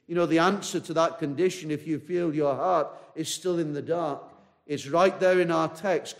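Male pastor, high voice, earnest sermon delivery with repeated phrases. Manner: earnest, repetitive preaching, addresses listener directly.

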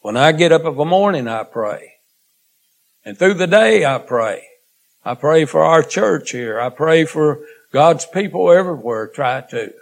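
A man preaching a sermon in a slow, earnest way, drawing out phrases and letting line endings trail off quietly. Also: a little high, expressive, creaky.

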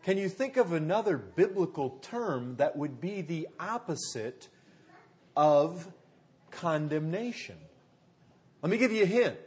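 A pastor preaches conversationally, putting rhetorical questions to his listeners and calling them folks. His pitch swings widely, he speaks unhurriedly, and he often drops low and quiet to stress a point.

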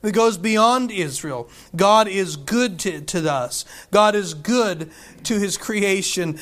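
A man preaching a sermon, reading scripture slowly and stressing his points with emphasis. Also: high-pitched, fairly bright tone. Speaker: pastor.

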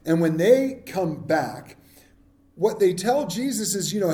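A pastor preaching a sermon in a humorous, conversational way, often putting questions to the congregation. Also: male voice, high voice, lively intonation, a little slow, mellow, echoey room.

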